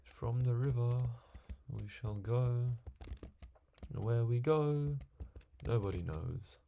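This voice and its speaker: A young gaming video creator talks to himself as he plays, in a mid-range, slow, creaky and mellow voice with slight background noise. His casual gameplay commentary rambles from one thing to the next.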